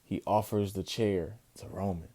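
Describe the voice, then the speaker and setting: A man in a casual review vlog recounting a wrestling event with animated, emphatic storytelling. His voice sits very low, with a dark, mellow tone. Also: unhurried.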